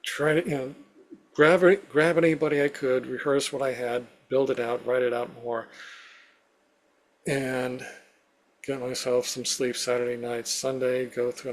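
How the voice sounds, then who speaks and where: Male interview guest, mid-pitched, recounts his story in vivid steps, lots of "you know". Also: gravelly. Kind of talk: personal storytelling in a conversation.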